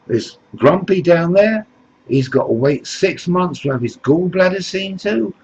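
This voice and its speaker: A man's voice: sits high, animated, unhurried, a little mellow, husky, highs cut off, pitched above the performer's own voice, heavily acted. A man voicing an indignant, complaining male dwarf. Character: grumbling male dwarf, indignant and small-minded.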